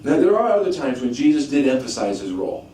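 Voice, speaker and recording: A man preaching a teaching sermon, animated, asking rhetorical questions and often restarting his sentences. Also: mid-range voice, fast talker. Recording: echoey room, mic at a distance, faint background noise.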